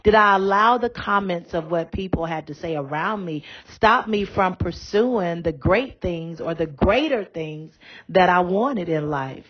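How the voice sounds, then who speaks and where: A woman's voice: fairly low pitch, animated, unhurried, lo-fi sound. A woman bishop giving a podcast sermon in a conversational, down-to-earth way.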